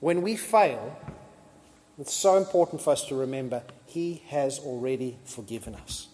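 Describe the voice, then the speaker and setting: A man preaching a sermon as pastor, lively and conversational, acting out scripture scenes in casual voices. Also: mid-range voice, moderate pace. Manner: lively, acts out biblical dialogue in casual voices. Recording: long reverb of a large hall.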